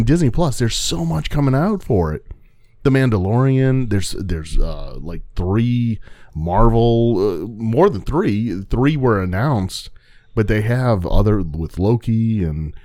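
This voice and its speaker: Enthusiastic guy cohosting a podcast, lowish voice that moves around a lot, dry mic. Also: expressive, a little slow, mellow, no room sound. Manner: eager, enthusiastic fan, laughs often. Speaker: podcast co-host. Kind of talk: casual chat.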